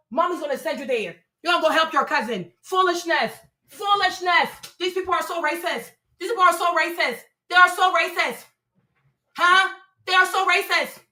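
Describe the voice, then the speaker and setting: In a reverberant space, a woman with a very high, sharp-toned voice hosts a livestream and delivers heated commentary. She is a mother, and she speaks with emphasis and repetition, frequently stumbling and starting her words over.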